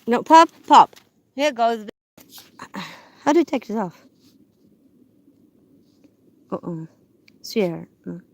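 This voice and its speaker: A woman chatting on a live stream from her parked car, rambling with many fillers and restarts, and softly cooing to her dogs. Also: medium pitch, expressive, slow pace, long pauses. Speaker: livestreamer. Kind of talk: casual live-stream chat. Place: parked car on public land.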